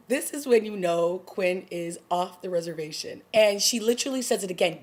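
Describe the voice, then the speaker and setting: Excited woman recapping a TV episode. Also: mid-range voice, moderate pace. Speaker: TV review vlogger. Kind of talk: casual chat.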